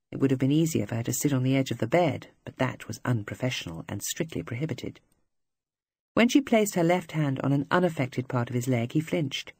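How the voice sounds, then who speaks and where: An audiobook narrator reading scripted literary prose in a measured, even manner. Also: medium pitch, breathy edge, no room sound.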